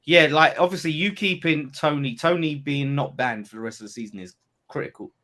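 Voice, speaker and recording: A man chatting casually on a football podcast over a call, animated and teasing. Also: fairly high pitch, brisk. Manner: animated, teasing, boastful banter. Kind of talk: casual chat.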